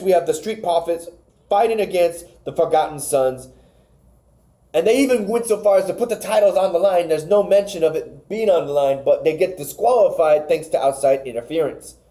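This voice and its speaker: A man's voice: a little high, normal speed, mellow. A man co-hosting a podcast, casually recapping wrestling matches, rambling and stumbling over names. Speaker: podcast co-host.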